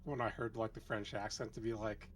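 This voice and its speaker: Quick-talking male player. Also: lowish voice, level tone, slight background noise. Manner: quick, tumbling speech. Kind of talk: casual tabletop play.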